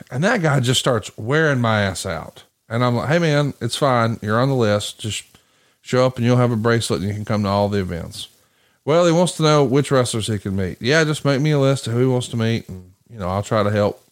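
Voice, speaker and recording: A man hosting a casual podcast conversation, telling a long story in a profane, animated way. He slips into the voices of the people he quotes, then drops back into his easygoing mid-range delivery. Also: medium pitch, a little fast. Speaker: podcast host.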